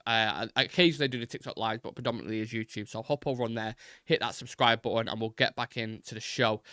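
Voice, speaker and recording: Chatty man, bright tone. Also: mid-range voice, clear, resonant tone, dry recording, studio quality. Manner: chatty, thinks aloud with fillers and restarts. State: voice keeps going. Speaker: host of a live football fan show. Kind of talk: casual live-stream chat.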